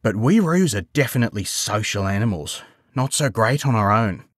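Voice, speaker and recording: Male narrator voicing a laid-back Aussie kangaroo bloke, blunt and friendly, lively delivery, dry close sound. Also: lowish voice, normal speed, dry recording. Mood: easygoing. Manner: laid-back, says "mate".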